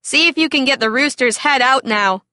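A woman's voice: high voice, normal speed, pushed and bright, dry recording, studio quality. A woman voicing an easygoing farm boy who talks in an offhand, teasing way in a storybook reading.

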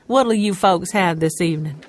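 A woman voicing a friendly waitress with a soft drawl in a storybook reading. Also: fairly low pitch, normal speed, lightly acted. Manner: friendly, teasing.

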